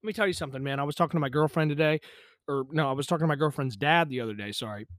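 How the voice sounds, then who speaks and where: A young man rants on his own podcast, agitated and profane, swearing through every sentence. His voice sits high, and the recording is dry and close with no room sound. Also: racing, fairly bright tone, dry recording. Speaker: podcast host. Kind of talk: ranting solo podcast. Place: pump house in the countryside.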